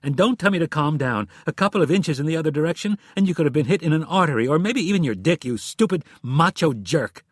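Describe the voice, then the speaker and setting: A man voicing a furious, sharp-tongued wife in an audiobook, speaking in a raised, sarcastic and snapping manner. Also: mid-range voice, sing-song, brisk, breathy edge, no room sound, clean studio sound. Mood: angry.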